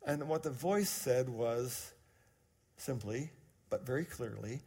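A man in his sixties preaching a sermon, telling a personal story as he moves between quiet, hushed moments and emphatic, raised passages. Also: mid-range voice, lively intonation, slow pace, breathy edge. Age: 60s. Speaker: pastor.

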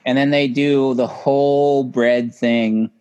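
A man co-hosting a casual film podcast, retelling scenes in an animated way and acting out the lines. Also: mid-range voice, takes it slowly, smooth, lo-fi sound. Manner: animated storyteller who acts out lines. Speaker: podcast co-host. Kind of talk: casual chat about a film.

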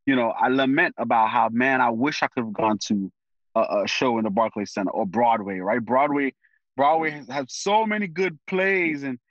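Slangy, animated man on a dry, dull line. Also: mid-range voice, moderate pace, no echo. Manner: animated, full of street slang like "yo" and "bro"; thinks aloud with fillers and restarts. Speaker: guest. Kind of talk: casual conversation.

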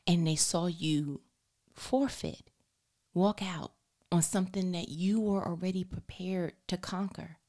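A woman with a slightly low voice tells a story straight to her listeners in a lively, expressive way. She often drops into a hushed whisper for emphasis, then comes back to full voice. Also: unhurried. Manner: animated, expressive, talks directly to listeners. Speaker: mother telling a story about her daughter. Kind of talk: casual storytelling to camera.

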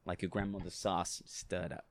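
A man's voice: sits low, little pitch movement, moderate pace. A man with an East Coast accent, chatting casually as a podcast co-host and telling rambling, profane, jokey stories. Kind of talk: casual chat.

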